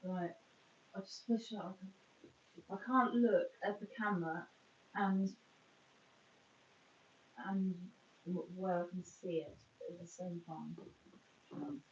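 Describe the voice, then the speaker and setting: A woman's voice: on the low side, slight background noise. A woman streaming live, chatting casually while she does her makeup, rambling and breaking off mid-sentence. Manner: chatty, rambling, self-interrupting. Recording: roomy, distant, dull sound.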